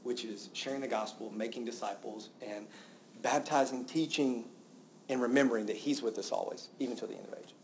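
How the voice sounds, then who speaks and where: Animated pastor preaching. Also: male voice, brisk. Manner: animated, exclaiming with rising pitch when indignant. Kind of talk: sermon. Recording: roomy with faint background noise.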